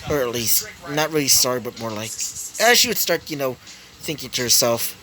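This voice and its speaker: A man's voice: medium pitch, animated, a little fast, sharp tone, soft background music, poor audio. A man improvising a fan-story narration, rambling with many fillers and you-knows, with crowd noise behind.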